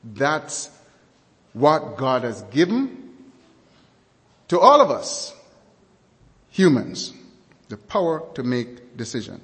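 A male preacher delivers a sermon at a measured, deliberate pace, leaning on key words and repeating them for weight. His voice sits at an ordinary middle pitch for a man. A long reverb trails each phrase, as if he is in a large hall. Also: big pitch swings, fairly bright tone.

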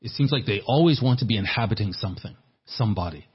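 A male pastor preaching a sermon in an earnest way, often repeating words, with a husky voice. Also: fairly low pitch, animated, quick pace. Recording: dull lo-fi sermon recording.

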